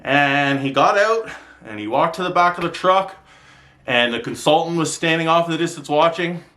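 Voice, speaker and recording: A man ranting to camera in a vlog, telling stories in an exasperated, sweary, animated way, filmed with a handheld camera mic. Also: on the high side, normal speed. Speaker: vlogger.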